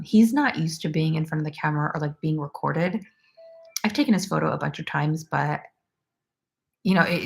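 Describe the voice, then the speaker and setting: A woman in her twenties hosts a relaxed crochet livestream, chatting and reading viewer comments. Her voice sits low and carries a heavy, gravelly fry. She talks loosely and easily, with plenty of "like" and quick laughs. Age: 20s.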